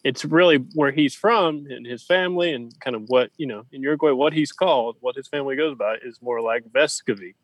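A man co-hosts a casual sports podcast, driving home his points emphatically with rhythmic, repeated phrasing as he lists them. His medium-pitched voice is brisk with few pauses, and the recording is dry with poor audio.

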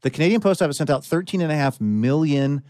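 A man's voice: a little high, expressive, quick pace, a little mellow, dry recording, studio quality. Conversational man hosting a radio show. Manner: friendly, conversational, guides the segment. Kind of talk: casual radio chat.

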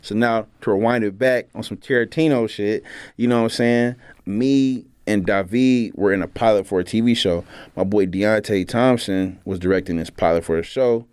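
A young man, a rapper and producer telling stories in a casual, profane, animated way in an interview. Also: lowish voice, normal speed, clean tone, no room sound, studio quality.

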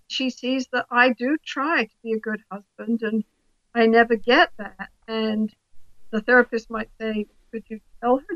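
A woman speaking as a couples therapist in an interview, explaining in a lively way and acting out the voices of the people in her examples. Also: fairly high pitch, no room sound, muffled recording.

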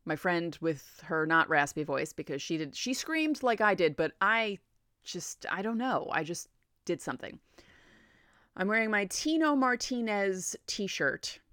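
A woman in her forties, a podcast host telling a story in a chatty, animated way. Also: lowish voice, no room sound, studio quality. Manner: animated, chatty, laughs often. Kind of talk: casual storytelling.

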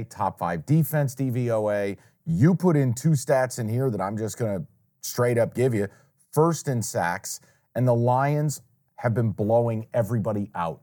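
Male co-host, casual and pushy, stumbling restarts, middle pitch. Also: a little mellow. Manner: emphatic, opinionated, quick restarts. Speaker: sports betting podcast co-host. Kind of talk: casual sports betting chat.

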